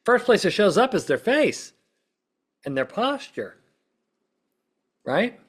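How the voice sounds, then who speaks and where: This male podcast host, a witness-prep consultant, has a high, breathy voice and talks slowly but with a lot of animation. He explains things casually, keeps checking in with "right?" and "okay?", and acts out quoted speech in quick bursts.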